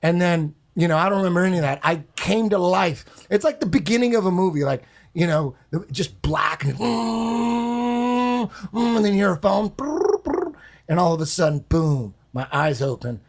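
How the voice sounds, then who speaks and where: A man with a slightly high, gravelly voice tells a story in a loose, casual podcast chat. He swears freely and bursts into acted-out voices and sound effects. His tone has a husky, rough edge. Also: animated, a little fast. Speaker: guest storyteller.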